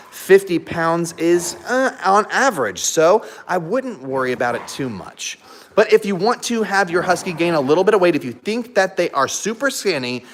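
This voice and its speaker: A man with a somewhat high voice hosts a relaxed live stream from home. His delivery is very animated and swoops up and down as he chats with viewers. He laughs often and keeps stopping to coax his dogs. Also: slight background noise. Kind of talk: casual live stream chat.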